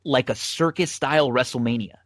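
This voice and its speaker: A man's voice: medium pitch, fairly quick, fairly bright tone, no echo, clean studio sound. A man hosting a podcast, chatting casually about old wrestling matches, rambling with lots of fillers and restarts. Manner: rambling, many fillers and restarts, laughs often. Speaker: podcast host. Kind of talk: casual wrestling rewatch chat.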